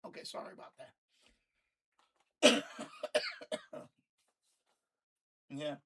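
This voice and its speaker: A man's voice: extremely slow, a bit bright. A man hosting a live stream, ranting heatedly with lots of swearing and repeated phrases. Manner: heated, profane, repetitive ranting. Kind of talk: casual ranting commentary.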